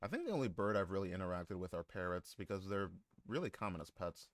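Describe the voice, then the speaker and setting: Male streamer, low-pitched, casual banter with chat, crude jokes and frequent laughs, dry close-mic sound. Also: sing-song, fast talker, no echo. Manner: joking, swears a lot, laughs often. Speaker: live streamer.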